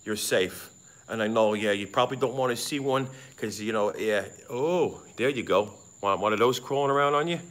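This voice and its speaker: A middle-aged man live-streams on his phone outdoors at night beside a pond, rambling excitably and swearing freely as he sweats in the heat. His voice is lowish and his speed normal, while frogs and insects chirp in the background.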